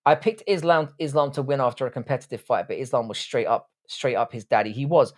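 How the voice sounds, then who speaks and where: A man's voice: mid-range voice, fast. A man in his thirties hosting a casual live stream, swearing freely and bantering with his chat. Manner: profane, joking banter with chat. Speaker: livestream host reacting to fights.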